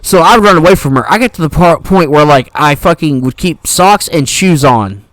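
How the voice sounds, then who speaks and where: A young man spinning a rambling, swear-heavy story on a podcast. His pitch is fairly high and swings widely as he gets going. The sound is dry and close to the mic. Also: normal speed, no echo, poor audio. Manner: profane, rambling, animated storyteller. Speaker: podcast co-host.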